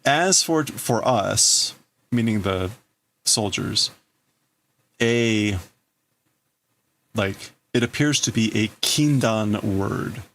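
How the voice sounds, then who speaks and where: A man's voice: on the low side, animated, drawn-out words, long pauses, a bit bright. A man hosting a livestream, casually translating a manga aloud and thinking through each wording as he goes. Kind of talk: casual live translation commentary.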